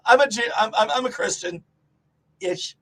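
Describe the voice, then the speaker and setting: A man trading crude comic banter as a show host, excitable and swearing, often shouting. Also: high voice, unhurried, poor audio. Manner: loud, excitable, swears a lot, breaks into shouting.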